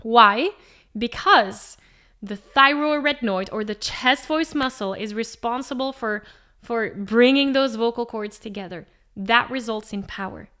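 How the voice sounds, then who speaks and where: A woman singing teacher explaining vocal anatomy to the camera, emphatic and animated, asking rhetorical questions. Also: fairly high pitch.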